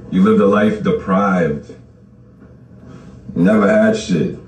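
A man's voice: fairly low pitch, a little mellow, far from the mic. A man ranting casually on a livestream, boasting, mocking and swearing, often breaking into laughter. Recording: roomy sound from off the mic.

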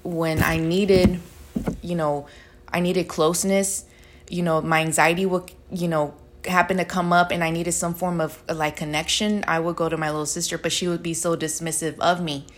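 A woman's voice: lowish voice, level tone, moderate pace. A woman hosting a casual podcast chat, reflectively sharing personal stories about her family and relationships. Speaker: podcast host.

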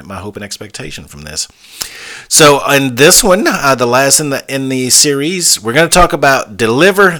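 A man's voice: on the low side, a bit bright. A man hosting a business coaching podcast, telling a story with emphasis and repeating words for stress. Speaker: podcast host.

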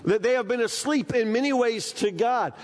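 A man, preaching a sermon with folksy, animated storytelling. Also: very high voice, moderate pace, in a large hall. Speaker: pastor.

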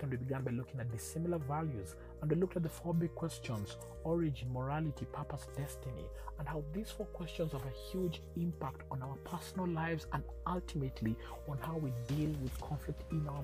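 A man hosting a teaching series on relationships, telling stories in a lively, animated way and often laughing. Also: on the high side, rough recording. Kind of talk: casual teaching talk.

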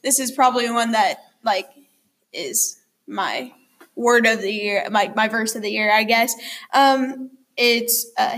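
Young woman host, somewhat high voice, giggly and chatty, lots of fillers. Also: measured pace, a bit bright. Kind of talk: casual chat.

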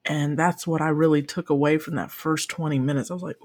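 A young woman co-hosting a casual podcast chat, emphatic and profane, often swinging into high, excited exclamations. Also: fairly quick, no echo. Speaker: podcast co-host.

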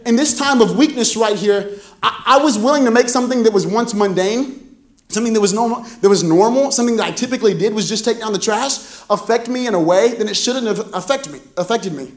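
A man's voice: sits high, fast talker. A man preaching a sermon as pastor, telling funny stories and acting out quoted lines. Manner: humorous storytelling, acts out quoted dialogue. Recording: roomy echoey room.

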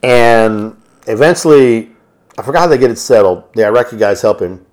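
A man on a podcast casually retelling a film's plot in a loose, rambling way, slipping into quick voiced quotes. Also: medium pitch, animated, a little mellow. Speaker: podcast host. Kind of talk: casual movie recap.

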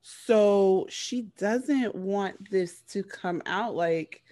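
A woman's voice: mid-range voice, drawn-out words, mellow. A woman casually recapping a TV show, rambling with lots of fillers and restarts.

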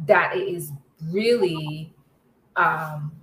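Woman leading a scripture class, low voice, unhurried, roomy echo. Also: fairly bright tone. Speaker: Bible study class leader. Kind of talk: conversational Bible study lesson.

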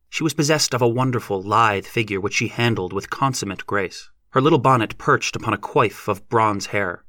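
Low, bright-toned male audiobook narrator. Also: no room sound, studio quality.

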